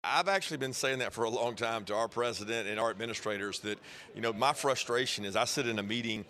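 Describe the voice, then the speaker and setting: A college football head coach speaking at a press conference, in a mid-pitched voice. He talks fast and forcefully, and explains his position earnestly with plenty of fillers.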